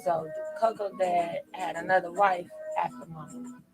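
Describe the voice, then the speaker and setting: A woman's voice: on the low side, a little slow, music in the background, rough recording. Chatty woman hosting a tarot stream. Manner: laughs often, animated and chatty. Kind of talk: casual live-stream chat.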